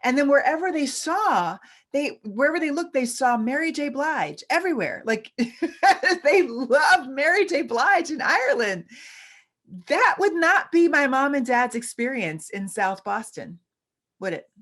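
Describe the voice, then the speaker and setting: A woman's voice: sits high, sing-song, unhurried, a bit bright. A woman giving a church teaching presentation as a visiting scholar, earnest and conversational, repeating key points for emphasis.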